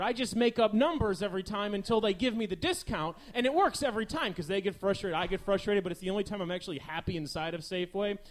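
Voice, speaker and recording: Animated sarcastic male comedy host. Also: sits high, brisk. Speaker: talk show host. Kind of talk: stand-up monologue. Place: live comedy venue.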